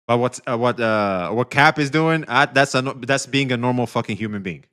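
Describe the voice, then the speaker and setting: A man commenting on a video during a live stream. His voice is bright and forceful. He talks loosely and swears as he chats with his viewers. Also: medium pitch, brisk, clear, resonant tone. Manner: loose and profane, stopping to talk to chat.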